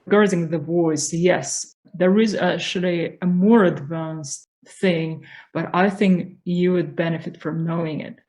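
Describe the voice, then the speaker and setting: A woman coaching on spiritual growth, speaking slowly and calmly. Her voice sits a little low, and she explains each point patiently and deliberately. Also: rough recording. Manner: slow, calm, explanatory. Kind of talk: instructional talk on voice.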